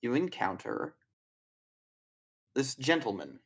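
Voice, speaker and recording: A man's voice: medium pitch, huge pitch swings, takes it slowly, vocal fry. A man running a tabletop game as game master, narrating in a casual, rambling way with swearing.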